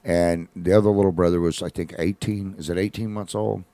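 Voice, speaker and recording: Deep-voiced man telling a story on radio. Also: fairly quick, dry recording. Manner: folksy, conversational, animated retelling with quoted voices. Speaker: radio host. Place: studio.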